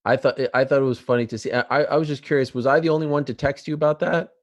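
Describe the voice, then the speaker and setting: Fast-talking host. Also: male voice, mid-range voice, fairly even intonation, no room sound. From Canada. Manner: teasing, playfully quizzing his guest. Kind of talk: casual chat.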